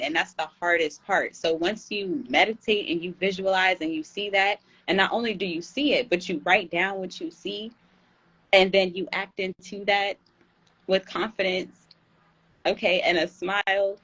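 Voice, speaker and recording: A woman's voice: lowish voice, fairly bright tone, rough recording. A young woman, hosting a tarot channel and talking casually and slangily to her viewers. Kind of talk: casual livestream chat.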